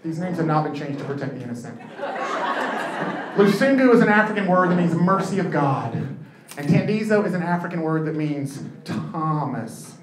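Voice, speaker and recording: A man performing a stand-up comedy set on a club stage, telling stories in a quick, conversational way. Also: on the high side, animated. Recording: echoey club with crowd and noise.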